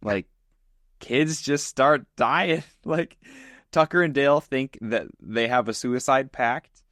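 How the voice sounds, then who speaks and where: A man co-hosting a casual podcast, retelling a story in an animated way. His voice sits at an ordinary pitch for a man. The sound is dry and close, with no room echo. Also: takes it slowly. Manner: animated storyteller, acts out scenes. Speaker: podcast co-host.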